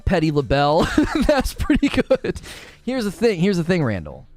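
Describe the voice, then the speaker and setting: Lively, animated male gaming streamer. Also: sits high, moderate pace, soft background music. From Northern Ohio. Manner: laughing often, teasing chat, animated. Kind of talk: casual live-stream chat.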